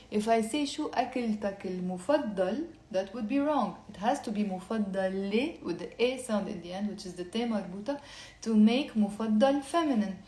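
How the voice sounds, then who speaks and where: A woman from Lebanon, teaching a live online language lesson and patiently repeating phrases slowly, then faster. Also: mid-range voice, warm tone, echoey room.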